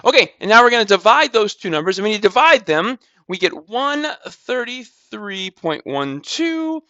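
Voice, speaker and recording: Guy teaching math, high bright voice, chill step by step, kinda dull lo-fi sound. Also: big pitch swings, moderate pace, no echo. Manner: talks through calculations step by step, casual, repeats numbers, says "blah, blah". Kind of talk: recorded math lesson walkthrough.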